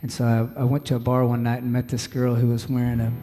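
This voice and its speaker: A young singer-songwriter talks from a venue stage in a relaxed, meandering way, peppering his stories with "uh" and "man". His voice sits at an ordinary pitch and rings out into a long hall reverb, with faint guitar underneath. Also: fast. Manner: rambling, easygoing storytelling, filler words and "man". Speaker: singer-songwriter performing live. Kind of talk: stage banter between songs. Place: live music venue stage. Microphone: stage vocal mic. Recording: reverberant live venue with music.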